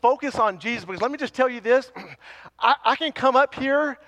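A man with a high, light voice preaches with a drawl. He chats with and teases his congregation, then presses his point through punchy repetition. His words carry a long reverb through the sanctuary. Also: normal speed, pushed and bright, highs cut off. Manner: conversational, teasing the congregation, building to emphatic repetitions. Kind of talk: sermon. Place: church sanctuary.

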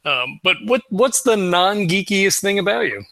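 A man hosting a podcast interview, asking relaxed questions and laughing along. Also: high-pitched, normal speed, vocal fry, no echo, clean studio sound. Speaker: podcast host. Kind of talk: casual interview.

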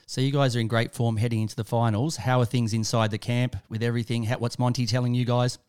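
A man's voice: mid-range voice, flat delivery, quick pace, a little mellow, smooth. An Australian man hosting sports talk radio, upbeat and chatty, with friendly banter.

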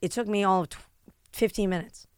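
A woman's voice: medium pitch, brisk, darkish tone, smooth, no echo, clean studio sound. A young woman co-hosting a podcast, telling a story in casual chat, acting out other people's lines with lots of ums and likes. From New York.

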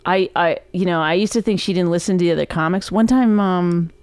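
A woman's voice: on the low side, a little fast, darkish tone, clean tone, no room sound. A middle-aged woman, a comedian guest on a podcast, chatting casually in a rambling way with frequent laughs. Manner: rambling, self-interrupting, laughs often. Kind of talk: casual chat.

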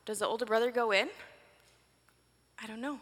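A woman in her forties telling a sermon story dramatically, swinging from breathless excitement to hushed whispers. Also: on the high side, a little fast, husky. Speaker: preacher. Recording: long reverb of a large hall.

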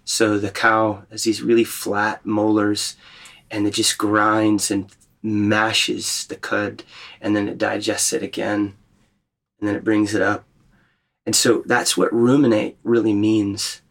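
Male retreat leader, slightly low voice, reflective teaching tone, asks the group questions. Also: monotone, slow, creaky. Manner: thoughtful, gently questioning.

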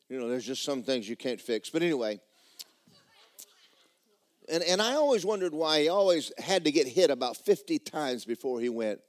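A man's voice: mid-range voice, no room sound. A man preaching a sermon in a church, folksy and blunt, building to fervent emphasis. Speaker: pastor. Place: church sanctuary.

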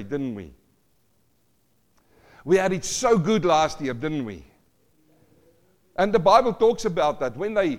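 Preaching pastor, loud then hushed. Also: male voice, high voice. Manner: dramatic, swings from loud cries to hushed asides; repeats phrases, asks the congregation questions. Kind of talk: sermon.

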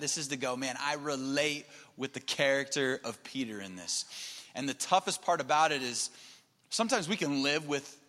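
Bright-voiced man preaching in a big hall. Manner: swings from hushed and low to loud and emphatic. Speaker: pastor. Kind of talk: sermon. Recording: long hall reverb.

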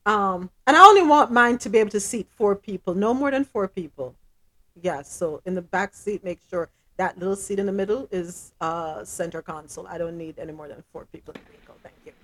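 Woman, podcast host, casual chat, lively pitch, blunt, laughs a lot. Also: fairly quick. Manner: animated, laughs often, blunt opinions.

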